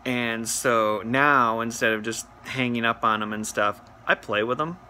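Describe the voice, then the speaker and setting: A man retelling a prank phone call as comedic storytelling, animated and acting out both sides. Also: mid-range voice, unhurried, a little hiss or hum. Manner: animated, mimics voices while retelling.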